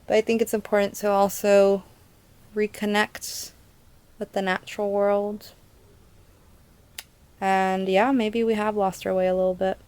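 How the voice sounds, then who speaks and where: A woman's voice: medium pitch, level tone, a little slow, pauses often. Chatty young woman reviewing books. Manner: chatty, rambling, with fillers and soft laughs. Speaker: book reviewer. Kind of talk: casual book review vlog.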